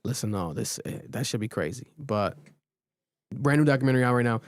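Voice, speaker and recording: A man hosting a casual podcast, recapping a reality show in an animated, profane storytelling way. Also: medium pitch, a little fast, dry recording, studio quality. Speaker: podcast host.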